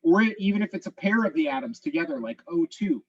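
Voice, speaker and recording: A man teaching chemistry in an online class, explaining methodically step by step, his voice a little hoarse. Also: a little high, animated, fast, no room sound, dull audio. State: slightly hoarse. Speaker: chemistry instructor.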